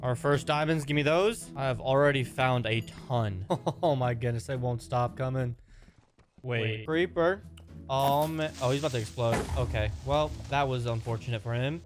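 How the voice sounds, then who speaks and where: A young man giving jokey, excitable commentary over his own game footage, with quick exclamations. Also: medium pitch. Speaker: gaming YouTuber. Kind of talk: Minecraft gameplay commentary. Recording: voice-over with music behind.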